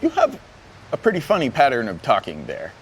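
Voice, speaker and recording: A man's voice: mid-range voice, wildly swooping pitch, a little fast. A man playing a tabletop game, talking loosely and joking with fillers. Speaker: player. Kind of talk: casual game chat. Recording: faint background noise.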